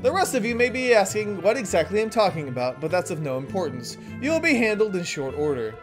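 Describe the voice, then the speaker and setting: A haughty villainous professor and inventor, as a gamer puts him on, speaking in a lowered, pompous voice that swings through a lively range. Faint game music plays underneath. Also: quick pace, close to an everyday voice. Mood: menacing. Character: smug scheming male professor inventor, villain. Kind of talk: reading game dialogue aloud.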